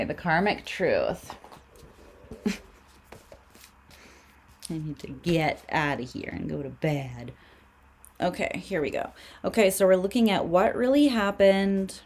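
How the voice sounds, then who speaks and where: A woman with a low voice reads tarot on a casual livestream, taking her time over each phrase. Her pitch swings widely as she talks, and she swears easily and laughs often. A faint hum of room ambience sits behind her. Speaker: tarot reader.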